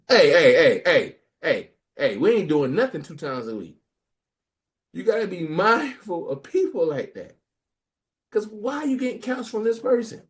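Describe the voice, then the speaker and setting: Man, lively swooping pitch, jokey, casual podcast co-host. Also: moderate pace. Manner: animated, jokey, mimics people in quoted voices. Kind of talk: casual group talk on scripture.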